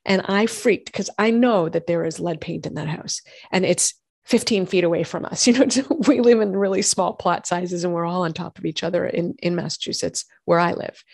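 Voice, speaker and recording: A woman's voice: lowish voice, normal speed, vocal fry, no room sound. Woman telling her story, dry sound. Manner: animated storytelling, acts out quoted voices. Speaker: functional medicine gynecologist and podcast host. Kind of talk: personal health story in casual conversation.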